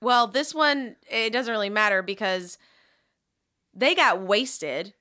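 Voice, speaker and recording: A woman co-hosting a casual podcast, telling a true crime story in a joking, profane way with quick bursts. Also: mid-range voice, expressive, sharp tone. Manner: joking, swears freely, tells the story in rushed bursts. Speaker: podcast co-host.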